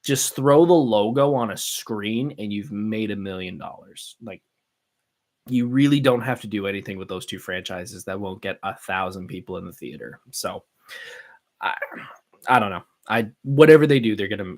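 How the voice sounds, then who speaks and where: A man's voice: on the low side, moderate pace. A man hosting a solo podcast, chatting casually and giving his opinions in a rambling way, with many fillers and restarts. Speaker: podcast host.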